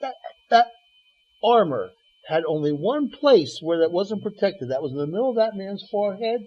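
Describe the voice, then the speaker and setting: A man's voice: high voice, animated, normal speed, slightly rough. A man preaching on a radio program, telling Bible stories with quoted dialogue and stammered restarts. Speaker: guest preacher. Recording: dull lo-fi radio broadcast.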